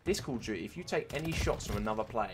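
Animated swearing gamer lad. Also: male voice, mid-range voice, very fast, background noise. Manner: swears often, frustrated and animated, talks to viewers as boys and mate. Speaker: gaming streamer. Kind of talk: casual gameplay commentary. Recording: game gunfire behind the voice.

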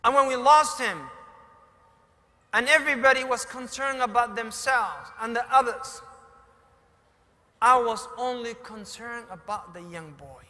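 A man's voice: extremely high pitch, unhurried, long pauses, bright, forceful tone. A man preaching a sermon, retelling a story dramatically and mixing in Arabic phrases. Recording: echoey hall.

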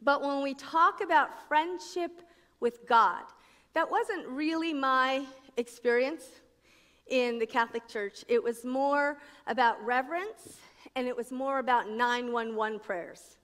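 A middle-aged woman from New Jersey speaks on a conference stage, telling her story with bright, crisp energy and playing out each voice she quotes. Her voice sits high, and the hall's long echo hangs behind her words. She talks the way a practiced speaker does at a faith event. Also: unhurried. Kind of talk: personal testimony talk. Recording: echoey conference hall.

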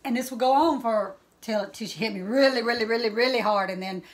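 A middle-aged woman, hosting and telling family stories in a casual chat, animated and laughing as she acts out voices. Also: on the high side, brisk. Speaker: cooking show host.

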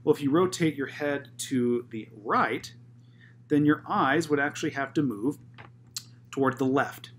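A man's voice: mid-range voice, a little slow, slight background noise. A man in a physical therapy lecture who walks through anatomy step by step, posing questions and answering them himself, often checking in with "okay?". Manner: methodical, asks rhetorical questions then answers, frequent "okay?" check-ins.

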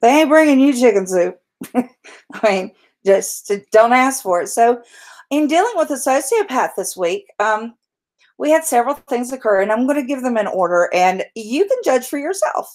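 A woman's voice: on the high side, sing-song, moderate pace, a little mellow. A woman hosting her own video, explaining and telling stories in a rambling way full of fillers and restarts. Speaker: video host. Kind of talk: casual explanatory vlog.

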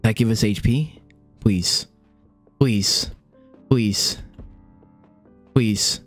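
A young man streaming a video game, swearing, repeating himself and swinging from high yelps to low mutters. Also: drawn-out words. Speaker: gaming streamer. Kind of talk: live gameplay commentary. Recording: game music behind.

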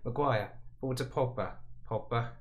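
A man giving casual, excitable commentary over a football management game, talking to himself and panicking aloud. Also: medium pitch, normal speed, lo-fi sound. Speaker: gaming YouTuber.

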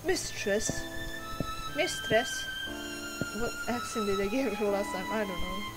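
A woman's voice: mid-range voice, steady tone, fairly quick, low-quality recording. A teenage girl casually commenting on a spooky game she plays, with joking asides and read-out dialogue. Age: teens. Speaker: let's play gamer. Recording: game music playing loudly underneath.

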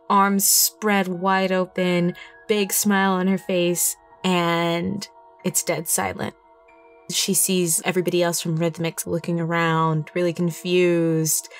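Woman player narrating vividly. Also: lowish voice. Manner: vivid storyteller, lots of fillers. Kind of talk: telling a tabletop game scene.

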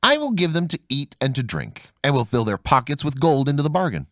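A boastful young craftsman from a fairy tale speaks, put on by a male narrator. He talks with measured pride and lively inflection. The sound is close and dry. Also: fairly high pitch, no room sound. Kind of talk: storybook narration.

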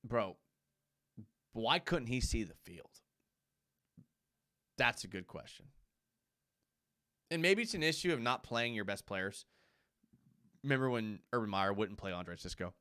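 A man's voice: lowish voice, expressive, measured pace, long pauses, bright, forceful tone, smooth. A man hosting a live sports talk show, arguing emphatically with rhetorical questions and repeated points, and reading out viewer comments. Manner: reads viewer comments aloud.

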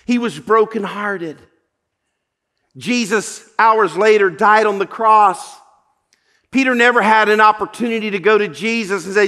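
A man's voice: high voice, unhurried, pushed and bright. A male pastor preaching a sermon, telling a story earnestly with repeated false starts.

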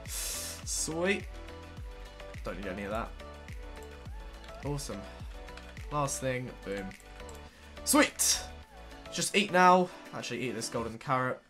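A young man, ill with a cold, quietly muttering commentary to himself as he plays a video game. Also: medium pitch. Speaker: gaming video host. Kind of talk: casual gameplay commentary.

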